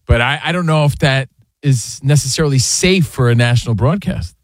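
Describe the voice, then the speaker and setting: A man's voice: mid-range voice, brisk, no echo, studio quality. A man hosting a sports radio show, talking casually and rambling with fillers. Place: radio studio.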